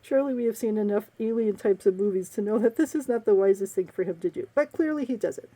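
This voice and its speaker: A woman's voice: mid-range voice, fast talker, warm tone. A woman and romance novelist giving a casual, sarcastic book review, laughing often.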